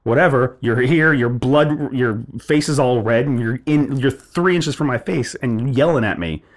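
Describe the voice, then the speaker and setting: A man in a casual podcast chat, retelling a tense run-in at length. He rambles with plenty of restarts and filler, and his voice sits at an ordinary middle pitch. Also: moderate pace. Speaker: podcast co-host.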